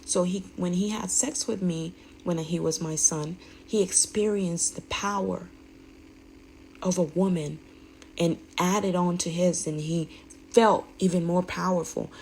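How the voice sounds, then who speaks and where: A woman's voice: fairly low pitch, fairly even intonation, a little slow, vocal fry, a little mellow, a little hiss or hum, poor audio. A woman speaking candidly in a rambling, emphatic way, often restarting her sentences. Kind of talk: candid personal monologue.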